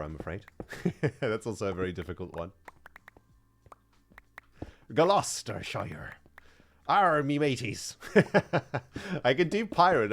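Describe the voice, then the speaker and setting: A man chatting casually on his livestream, self-mocking and chatty, with plenty of fillers. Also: fairly low pitch. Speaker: streamer.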